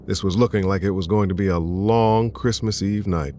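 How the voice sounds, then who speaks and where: Low, steady male audiobook narrator. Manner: steady, measured, low-key. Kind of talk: first-person thriller narration. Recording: soft music bed.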